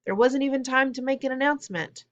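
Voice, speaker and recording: A woman's voice: medium pitch, measured pace, creaky, fairly bright tone. Woman reading as a breathless teen girl. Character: teenage girl actor, breathless and modest.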